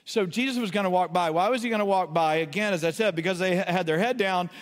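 A man's voice: high voice, quick pace, in a large hall. A man preaching a sermon as a pastor, impassioned, pleading and exclaiming to his listeners.

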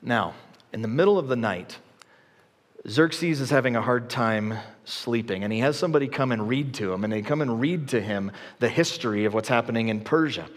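A man preaching a sermon in a church, with a middle-pitched voice and casual, lively storytelling. A long reverb from the hall trails each phrase. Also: brisk. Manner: conversational, animated storytelling. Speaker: pastor.

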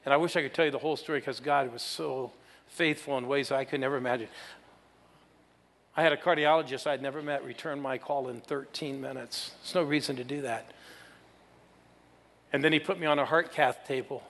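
A man's voice: medium pitch, fairly even intonation, a little fast, creaky, fairly bright tone, long reverb tail. A man in his sixties, a pastor telling a personal story in a sermon, playfully drawing in the audience. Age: 60s.

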